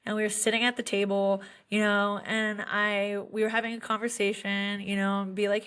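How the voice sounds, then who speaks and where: A woman's voice: mid-range voice, level tone, normal speed, few pauses, fairly bright tone, clear, resonant tone. Earnest woman teacher telling a story. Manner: earnest, heartfelt storytelling with frequent fillers. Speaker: special education teacher. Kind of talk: podcast conversation.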